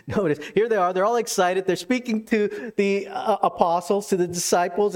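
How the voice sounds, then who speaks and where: A pastor preaching a sermon, animated and casual, rising with excitement as he retells scripture scenes. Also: brisk, few pauses. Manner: animated, rises in pitch when retelling scenes.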